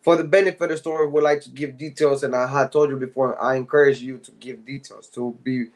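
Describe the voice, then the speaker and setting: A man hosting an interview, asking questions and addressing viewers in an earnest, halting way with loose grammar. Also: mid-range voice, steady tone. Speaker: interview host.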